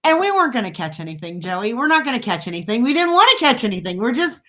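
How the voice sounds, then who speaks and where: A woman hosting a podcast in casual chat, telling stories in an animated, self-mocking way. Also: fairly high pitch, quick pace. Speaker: podcast host.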